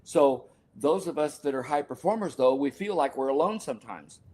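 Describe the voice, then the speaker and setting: A man's voice: on the high side, expressive, normal speed, a little mellow. An older man telling a personal story in a podcast interview, earnest and emotional, now and then correcting himself. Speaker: guest, sports scientist and author.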